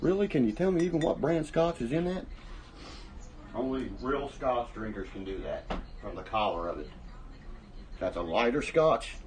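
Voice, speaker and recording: A man's voice: medium pitch, animated, moderate pace, long pauses, a little hiss or hum, low-quality recording. A man hosting a casual livestream, rambling and boastful, swearing often while he drinks. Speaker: livestream host.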